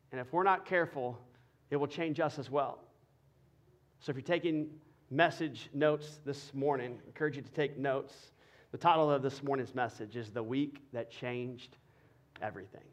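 High-voiced animated male pastor preaching. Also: normal speed. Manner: animated, swings from shouting to hushed prayer. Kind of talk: sermon. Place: church sanctuary before a congregation.

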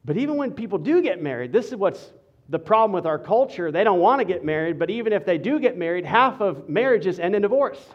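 High-voiced playful preaching man. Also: brisk, highs cut off. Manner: playful, animated preaching with laughs. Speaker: pastor. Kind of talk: sermon with humor.

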